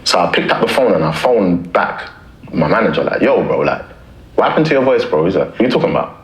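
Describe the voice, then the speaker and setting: A man's voice: deep voice, quick pace, echoey room, poor audio. A man, a rapper telling a story in casual, slangy talk. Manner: animated, slangy anecdote-telling. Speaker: rapper guest.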